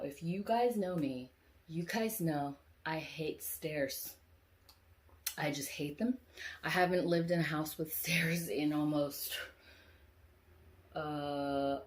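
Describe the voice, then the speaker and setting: Woman vlogger, lower voice, animated slangy dream-telling. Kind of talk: casual dream storytelling.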